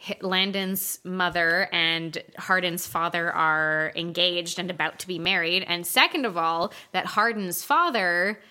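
A woman co-hosting a podcast in loose casual chat, animated and joking, with swearing dropped in freely. Her voice is bright and forward and sits slightly low. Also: a little slow, hardly any pauses. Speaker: podcast co-host.

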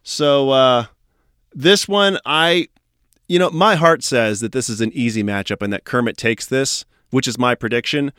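A man's voice: mid-range voice, a little slow, a bit bright, clear, resonant tone, no echo, studio quality. Chatty, upbeat podcast host man. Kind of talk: casual podcast chat.

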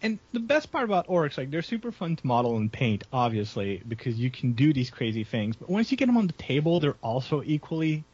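A man's voice: mid-range voice, big pitch swings, a little fast, few pauses, darkish tone, slightly rough. A man chatting casually and enthusiastically about his hobby, rambling and poking fun at himself. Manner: enthusiastic, self-deprecating, rambling. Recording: dull lo-fi recording.

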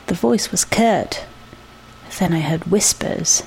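A woman reading a short story aloud, measured and reflective. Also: mid-range voice, big pitch swings, gravelly, darkish tone, husky. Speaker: narrator.

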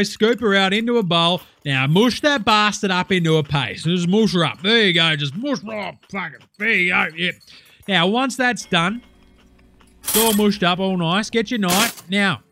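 A man's voice: high voice, pushed and bright, a little hiss or hum. A man with an Australian accent playing a boisterous, crude male cooking-show host in a comedy parody. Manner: hearty, crude, laid-back slangy banter. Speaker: comedy sketch performer.

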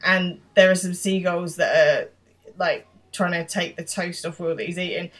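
A woman's voice: on the low side, steady tone, faint music behind. A woman co-hosting a podcast, casually narrating a TV episode's plot and quoting the characters. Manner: narrates plot quickly, quoting lines, with laughs. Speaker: podcast co-host. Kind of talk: casual recap chat.

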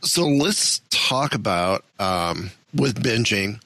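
A man with a low, bright voice who talks slowly and haltingly, restarting his questions. The sound is dry and close. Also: lively intonation, no echo. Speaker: interviewer. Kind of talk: casual chat.

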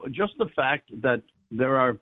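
A man, a priest, reflecting on the Mass in a halting way, often repeating words as he searches for them. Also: medium pitch, animated, no room sound. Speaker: priest guest. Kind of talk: reflective conversation on faith. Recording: dry tinny phone-like line.

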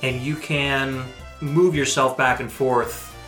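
A man's voice: mid-range voice, steady tone, slow, fairly bright tone. Upbeat guy in his 30s chatting about game music, echoey room, faint music behind. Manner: upbeat, explains at length. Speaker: podcast co-host. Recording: roomy echo, faint music.

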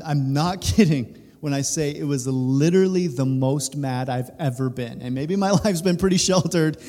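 A man in his thirties, a pastor, telling a personal story during a sermon, animated and laughing through it. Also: fairly high pitch. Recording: reverberant hall.

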